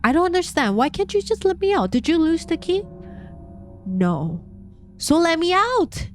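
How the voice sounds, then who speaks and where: A woman's voice: big pitch swings, normal speed, soft background music. Woman doing a frightened, pleading young wife. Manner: high, urgent, pleading.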